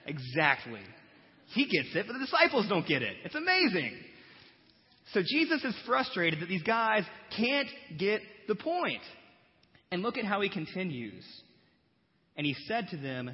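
A man preaching a Bible teaching sermon, conversational and animated, full of rhetorical questions and humor. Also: sits high, measured pace. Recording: dull recording with long hall reverb.

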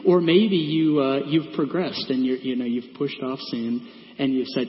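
This is a man preaching in a church, his pitch fairly high and his delivery moderately paced. The sermon feels conversational, full of asides and filler words, captured in an echoey sanctuary with a dull sound.

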